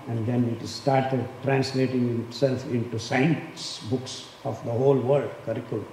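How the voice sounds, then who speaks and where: A man's voice: mid-range voice, steady tone, unhurried, few pauses, mellow. A man in his sixties from India, giving an impassioned talk and repeating words for emphasis. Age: 60s. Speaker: speaker on diet and health. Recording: echoey hall, faint background noise.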